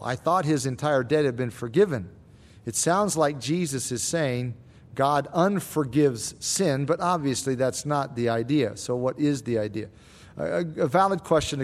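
A man answering Bible questions as a pastor, explaining scripture in a measured, teaching way. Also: fairly high pitch.

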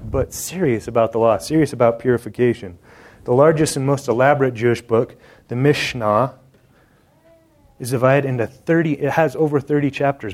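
A man's voice: mid-range voice, darkish tone. A man preaching a sermon, joking and talking straight to the congregation in an indoor hall. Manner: conversational and joking, addressing the congregation directly.

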